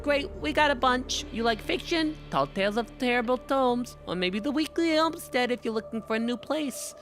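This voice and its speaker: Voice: mid-range voice, animated, moderate pace, fairly bright tone, soft background music, voice pushed up. A streamer voicing a young, nervous boy who runs a newspaper kiosk, talking in a chirpy, chatty shopkeeper patter. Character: young male newspaper kiosk kid, nervous and money-minded.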